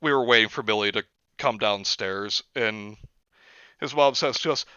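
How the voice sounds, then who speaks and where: Man host, bright clear voice, dry lo-fi sound. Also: lowish voice, normal speed, no room sound. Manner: animated storyteller, acts out quotes. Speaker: streamer host. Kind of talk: casual storytelling chat.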